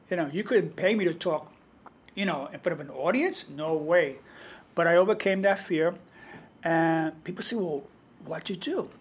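A man from the Bronx with a New York accent, a guest poet telling stories in an unhurried, reflective way during an interview. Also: on the high side, breathy edge. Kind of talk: conversational interview storytelling.

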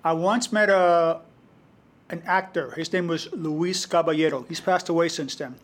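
High-voiced New York man telling stories. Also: fairly even intonation. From the Bronx, New York. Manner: anecdotal, unhurried, reflective. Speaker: guest poet and storyteller. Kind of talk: conversational interview storytelling.

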